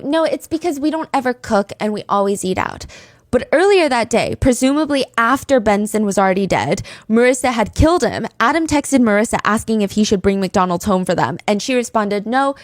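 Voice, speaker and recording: A woman's voice: mid-range voice, no room sound. A woman hosting a podcast, telling a true-crime story with blunt, sarcastic commentary into a close mic. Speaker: podcast host.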